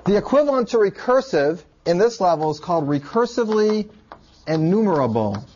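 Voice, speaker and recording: A man teaching a computer science class in a relaxed, joking way. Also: high voice, a little fast. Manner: relaxed and joking, with filler words. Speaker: lecturer. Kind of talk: classroom lecture. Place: lecture room. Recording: dull lo-fi classroom recording.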